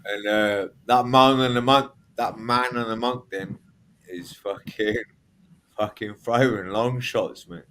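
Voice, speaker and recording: A man's voice: lowish voice, fairly even intonation, slow pace, a bit bright, poor audio. A man in a casual online group chat who swears constantly, rambles and trails off. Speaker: chat participant.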